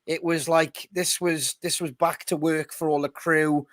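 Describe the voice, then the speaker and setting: A man talks loosely and at length, swearing and laughing as he goes. His voice sits a little high, and the sound is close and dry with no room around it. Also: little pitch movement, a little slow, fairly bright tone, no room sound. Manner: rambling, swears freely, laughs often. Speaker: band member co-hosting a podcast. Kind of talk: casual chat.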